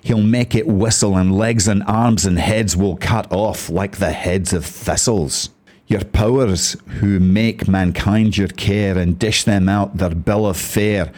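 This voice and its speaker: A man's voice: on the low side, steady tone, slow, a little mellow. A Scottish man hosting a show, chatting in a friendly, lightly humorous way and reading a poem aloud. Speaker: host.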